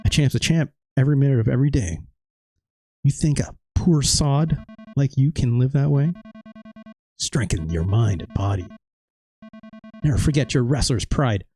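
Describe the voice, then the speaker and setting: A man's voice: medium pitch, moderate pace, long pauses, mellow, faint music behind, close to an everyday voice. A man reading as a stern retired wrestler. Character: gruff retired male wrestler mentor, stern.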